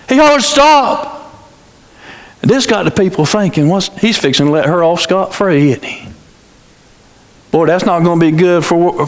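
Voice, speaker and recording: A male pastor preaching a sermon in a church sanctuary, telling a dramatic story, repeating phrases and restarting his words. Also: sits high. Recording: reverberant church hall.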